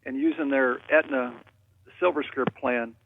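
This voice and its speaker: A man's voice: medium pitch, steady tone, measured pace, vocal fry. A man calling in to a radio show, telling rambling, jokey stories over a phone line. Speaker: caller.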